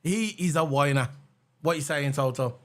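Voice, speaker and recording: A man's voice: a little high, normal speed, fairly bright tone. Ranting man hosting a stream. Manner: heated, mocking, repeats phrases for emphasis. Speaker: livestream host. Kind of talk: ranting reaction livestream.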